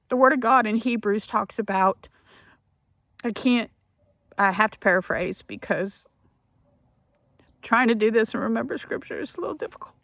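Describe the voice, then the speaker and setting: A woman giving an emotional personal testimony for a ministry, speaking haltingly and restarting her sentences. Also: on the high side, a bit bright, no room sound.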